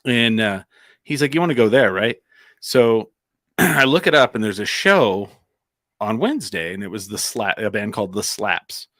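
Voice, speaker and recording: A man's voice: fairly low pitch, very animated, normal speed, a bit bright, dry recording, clean studio sound. A man from Albuquerque telling a casual anecdote on a comedy podcast, rambling with plenty of "like" and restarts. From Albuquerque, New Mexico.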